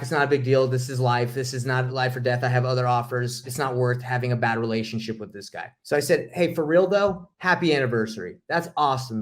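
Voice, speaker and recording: A man coaching on real estate wholesaling, telling a story to camera in a blunt, slangy, heated way. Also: medium pitch.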